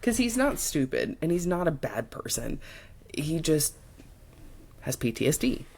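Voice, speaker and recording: A young woman with a low voice talks through a book on a casual podcast. Her pitch swings widely as she retells scenes and slips into quick character quotes. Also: big pitch swings, creaky, a little mellow, breathy edge. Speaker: podcast co-host.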